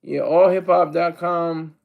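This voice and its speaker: A man's voice: a little high, fairly even intonation, takes it slowly, vocal fry, phone-quality sound. A man giving casual, rambling solo commentary on hip hop, self-deprecating and full of restarts.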